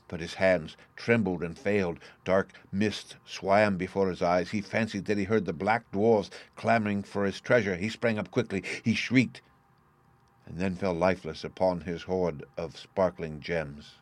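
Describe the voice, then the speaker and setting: A man narrating a storybook in a measured way, slowing down on speech tags. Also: sits low, fairly even intonation, dry recording.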